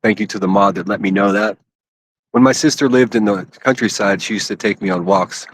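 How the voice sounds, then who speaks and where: A man's voice: fairly low pitch, a little fast, no room sound. A man from Pittsburgh chatting casually and a bit crudely on a phone livestream from an outdoor city park. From Pittsburgh, USA. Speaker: IRL livestreamer.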